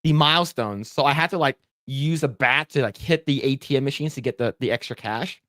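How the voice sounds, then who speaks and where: Speaking fairly quickly in a mid-range voice with a fairly bright tone, this man co-hosts a podcast and spins a rambling gaming story, laughing often and using plenty of fillers. It's casual storytelling, recorded dry at studio quality.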